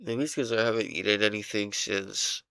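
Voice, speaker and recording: A young man rambling casually in a diary vlog, halting and full of fillers, swearing now and then while he plays a game. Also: fairly low pitch, vocal fry, sharp tone, clean tone, dry recording, studio quality. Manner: playing a game while talking. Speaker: vlogger.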